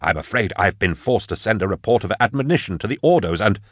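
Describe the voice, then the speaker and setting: A man's voice: fairly low pitch, lively intonation, fast, no echo, studio quality. A man doing a proud, deluded old inquisitor. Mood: haughty, indignant. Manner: haughty, indignant. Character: deluded, proud male ex-inquisitor, stubborn and drinking. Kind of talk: audiobook character voice.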